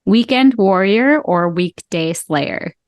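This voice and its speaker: A woman's voice: mid-range voice, expressive, takes it slowly, no echo. A woman in her thirties from Canada hosting a casual podcast interview, chatty and encouraging, laughing easily. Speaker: podcast host.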